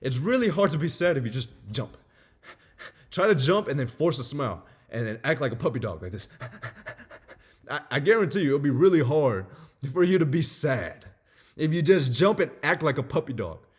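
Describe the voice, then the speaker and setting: Animated man with a husky voice. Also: fairly high pitch, brisk. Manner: animated, acts out little scenes. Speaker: self-help speaker. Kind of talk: motivational talk to camera.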